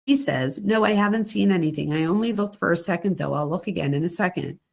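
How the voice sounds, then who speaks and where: A middle-aged woman with a low voice and plenty of vocal fry reads a string of text messages aloud. She keeps it conversational, slipping in casual asides between the quotes as a true crime host. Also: fast talker.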